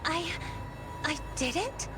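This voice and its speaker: A sheltered, earnest young noblewoman for a video game. Her voice sits high and she talks slowly, with wide-eyed wonder. Game music plays clearly behind her. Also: lively intonation. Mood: surprised.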